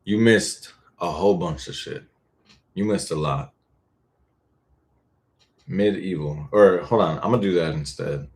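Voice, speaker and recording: Deep-voiced laid-back male streamer. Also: measured pace, long pauses. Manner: laid-back, swears freely, thinks aloud. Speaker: streamer and voice actor. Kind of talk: casual live-stream chat.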